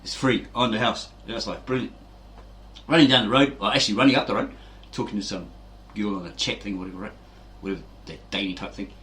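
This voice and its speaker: A man's voice: fairly low pitch, fairly even intonation, fast talker, sharp tone. A man hosting a fitness channel, telling rambling anecdotes in a casual motivational monologue, often checking in with "right?". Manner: anecdotal, chatty, keeps tagging with "right?".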